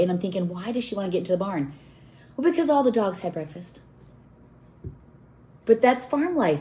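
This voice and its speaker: A middle-aged woman with a lowish voice gives an outdoor tour of her farm in the cold, chatting casually, rambling, and often talking to her animals. She's a farm owner and vlogger, and there's slight background noise.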